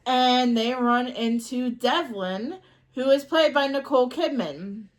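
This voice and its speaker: A woman co-hosting a casual podcast, retelling a movie plot scene by scene. She talks slowly and halts often with ums and restarts. Her voice sits a little high. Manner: rambling and halting, full of ums. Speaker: podcast co-host. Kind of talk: casual chat recapping a movie.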